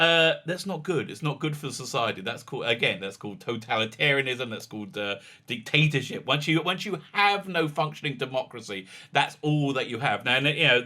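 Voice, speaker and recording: Rabbi commentator, male, very bright edgy tone, stop-start delivery that climbs into pointed challenges. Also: medium pitch. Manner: halting, many restarts, emphatic rising challenges. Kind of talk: argumentative political commentary.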